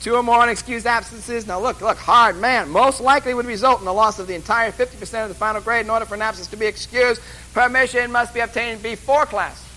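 A man's voice: very high-pitched, steady tone, fast, sharp tone, a little hiss or hum, low-quality recording. A man lecturing a class at a course orientation, rambling and joking with emphatic asides. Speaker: college instructor.

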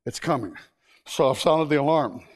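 A man with a high, light voice delivers a sermon to a congregation. He jokes and teases, breaks into sudden shouts, then drops to quiet, urgent asides. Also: moderate pace. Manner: animated and joking, with sudden shouts and hushed asides. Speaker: preacher.

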